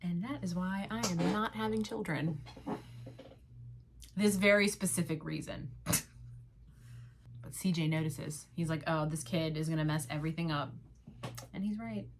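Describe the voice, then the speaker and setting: Sarcastic woman with a low voice. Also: background noise. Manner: sarcastic, swears, jumps into quick mock voices. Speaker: podcast host. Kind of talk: casual solo recap chat.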